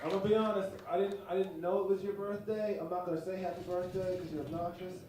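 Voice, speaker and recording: A man's voice: sits high, little pitch movement, fast talker, background noise. A man doing live stand-up crowd work on a comedy club stage, brash and mocking. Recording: distant, echoey club recording. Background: audience laughter.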